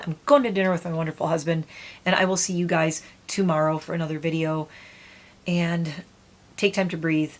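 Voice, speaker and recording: A middle-aged woman vlogger talking casually and gently to camera, soothing and meditative. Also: low-pitched, little pitch movement, brisk. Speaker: beauty vlogger. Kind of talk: casual heartfelt talk to camera.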